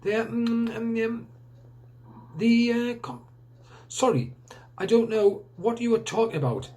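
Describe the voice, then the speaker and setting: A man's voice: very high voice, slow pace, darkish tone, voice pushed up. A man voicing a young boy who is eager and easily puzzled. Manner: eager, questioning.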